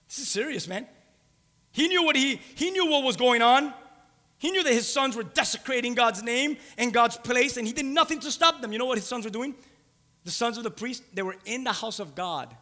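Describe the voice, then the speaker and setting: A man's voice: very high-pitched, a little fast, pushed and bright. A man preaching a sermon, emphatic and repeating key phrases for weight. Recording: long hall reverb.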